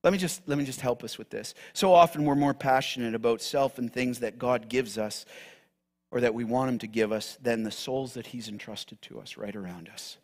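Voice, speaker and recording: A man's voice: medium pitch, normal speed. A man preaching a sermon, emphatic and direct with the congregation, repeating key phrases. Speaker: pastor.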